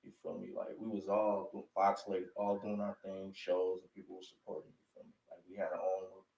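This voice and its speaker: A man's voice: deep voice, monotone, brisk, gravelly, a little mellow, echoey room, lo-fi sound. A young man talking casually as a guest in an interview, laid-back and peppering his talk with "you feel me". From northern Illinois. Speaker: guest rapper.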